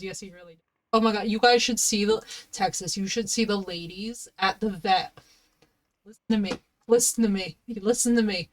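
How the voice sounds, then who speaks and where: Speaking at medium pitch and normal speed, a woman on a headset mic chats casually during a live game stream. She's playful with her viewers and coos at her dog.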